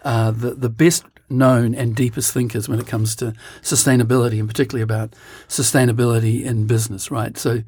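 Quick, husky-voiced teasing male co-host. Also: medium pitch, little pitch movement, darkish tone, no echo. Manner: teasing, upbeat, pushes things along. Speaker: podcast co-host. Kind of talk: casual podcast chat. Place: library sound studio.

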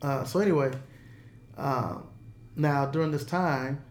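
A middle-aged man recounts an old story in a casual interview, his voice sitting a touch higher than most men's. He gets animated and stumbles over repeated words when excited. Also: measured pace. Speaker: guest.

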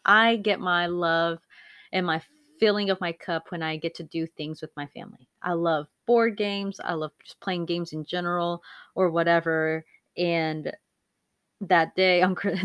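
A woman in her thirties hosting a podcast, telling candid rambling stories with frequent laughs and loud acted-out quotes. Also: fairly low pitch, dry recording, clean studio sound. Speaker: podcast host. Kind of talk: casual chat.

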